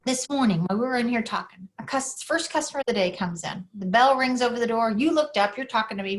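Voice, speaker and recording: Animated woman telling a story. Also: a little high, fast talker, hardly any pauses. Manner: animated storyteller who acts out quoted voices. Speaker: podcast guest. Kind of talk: storytelling in an interview.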